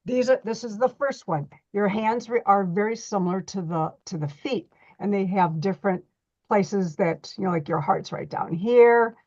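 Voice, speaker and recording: A woman's voice: mid-range voice, moderate pace, a little mellow. Middle-aged woman, reflexology instructor, chatty and repetitive, slightly dull lo-fi audio. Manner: chatty, repeats words, restarts often. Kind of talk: online workshop teaching.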